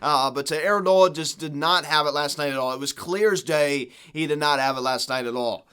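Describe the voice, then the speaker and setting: A man's voice: a little high, fairly quick, sharp tone, clean tone. Exasperated man ranting about his team. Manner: frustrated, exasperated, rambling with many fillers. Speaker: podcast host. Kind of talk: solo sports recap rant.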